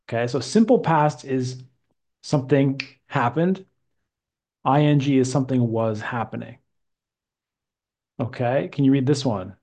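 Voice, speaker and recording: A male English teacher explaining grammar in a deliberate, patient way. He slows down to stretch the important words so the student can follow. His pitch sits in an ordinary middle range for a man. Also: a little mellow.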